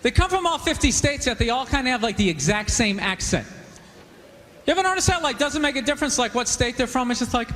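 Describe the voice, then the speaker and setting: A man doing a stand-up comedy set on a club stage, rambling and animated with constant "you know" asides. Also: very high voice, fast, slight background noise. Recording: live club recording with reverb and crowd.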